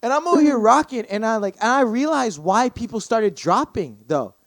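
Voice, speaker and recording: A man's voice: extremely high pitch, moderate pace, no room sound. Young man telling a profane story. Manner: profane, rambling and animated, many fillers. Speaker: podcast guest. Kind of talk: casual storytelling.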